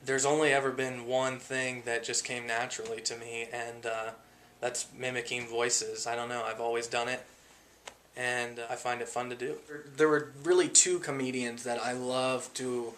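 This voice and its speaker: A man explaining how he does voice impressions in a documentary narration, relaxed and full of pauses. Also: medium pitch, a little hiss or hum. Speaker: amateur impressionist. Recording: documentary draft with music behind.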